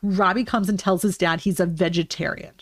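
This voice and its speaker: A woman's voice: lowish voice, fairly even intonation, brisk, no echo, clean studio sound. A young woman streaming live, chatting casually and rambling with lots of fillers and restarts.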